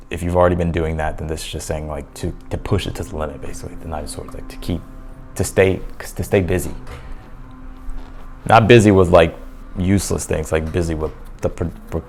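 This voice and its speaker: A man giving a casual tarot reading to his viewers, loose and chatty, full of fillers and restarts, a little hoarse as he says he is losing his voice. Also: deep voice, darkish tone. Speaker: tarot reader.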